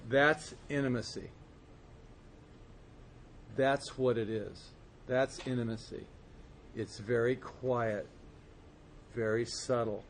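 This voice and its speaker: A man giving a personal recovery testimony to a group, earnest and storytelling, slowing and softening at quiet moments. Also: medium pitch, fairly even intonation, a little hiss or hum. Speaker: speaker sharing his recovery story.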